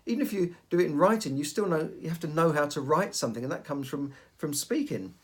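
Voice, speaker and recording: A man's voice: a little high, lively intonation, fast talker, slightly rough. A middle-aged man, hosting a podcast and giving casual advice, often repeating and restarting his words. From United Kingdom. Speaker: podcast host.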